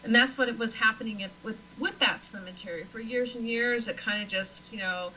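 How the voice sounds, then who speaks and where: A woman from Nebraska, appearing as a paranormal investigator guest, chats casually with frequent fillers. Her voice is a little high, bright and forceful, fairly quick, in a low-quality recording with slight background noise.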